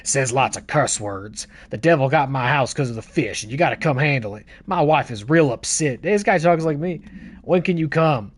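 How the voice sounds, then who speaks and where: A folksy middle-aged man, put on by a game streamer reading a letter aloud, earnest and plain-spoken, with slack grammar. He sounds worried and insistent as he lays out his trouble, his voice sitting a touch lower than the streamer's own. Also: animated, normal speed, dry recording, natural voice. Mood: earnest complaint.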